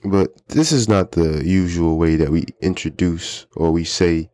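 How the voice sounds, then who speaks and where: Guy with a real low voice, laid back podcast teacher talk, repeats stuff for learners. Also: moderate pace, hardly any pauses, dry recording. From United States. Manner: relaxed, repeats phrases for learners. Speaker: podcast host teaching English. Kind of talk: casual teaching chat.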